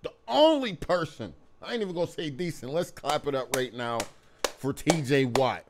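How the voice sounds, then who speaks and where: A young man with a slightly high voice vents at his team in a long, heated rant. He swears constantly, stacks questions and stumbles over repeated words as his anger builds. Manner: heated, profane, repeats himself when worked up. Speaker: sports channel host. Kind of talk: angry sports fan rant to camera.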